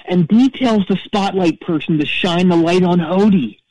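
An actor playing a petty, self-righteous middle-aged rock-fan caller who rambles and stammers through a comedic call-in story. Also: male voice, sits high, moderate pace, warm tone, no room sound, rough recording. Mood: storytelling.

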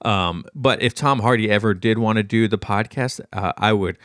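A man's voice: lowish voice, normal speed, a bit bright, dry recording. A man hosting his podcast alone, answering listener questions in a chatty, rambling way and laughing easily, close to the mic in a small studio. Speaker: podcast host. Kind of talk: casual solo Q&A chat. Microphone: close podcast microphone.

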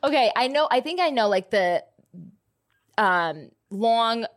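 A woman's voice: a little high, slow pace. A woman with a New Jersey accent, hosting a podcast in casual chat, laughing easily and swearing freely. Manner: giggly, profane, excitable. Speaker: podcast host.

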